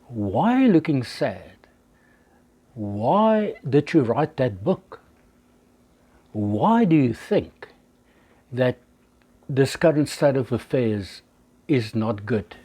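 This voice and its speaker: A man in his sixties gives a measured teaching talk, now and then playing both sides of a conversation to make his point. His voice is soft and mellow, slightly husky, and he takes his time. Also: mid-range voice. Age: 60s. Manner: illustrates with acted examples. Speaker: life coach.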